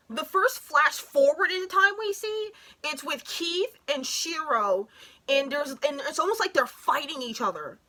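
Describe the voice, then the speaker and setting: A high-pitched woman gushes excitedly while reacting to a show in casual commentary. She swears and breaks off mid-sentence.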